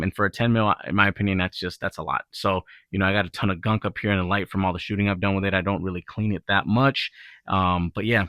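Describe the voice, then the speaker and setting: A man with a lowish, bright, forward voice chats through his gear in a relaxed, rambling way. He fills pauses with ums and uhs, and his voice is recorded close and dry. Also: dry recording. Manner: relaxed, rambling, filler-heavy. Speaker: gun channel host. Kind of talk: casual product review talk.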